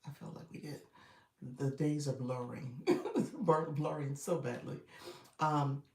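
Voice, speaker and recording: Gravelly woman coaching livestream viewers. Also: sits low, fairly even intonation, slow, dark tone, distant mic. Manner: chatty, encouraging, greets viewers by name. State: groggy morning voice. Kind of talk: casual livestream chat with viewers. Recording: echoey room, away from the mic.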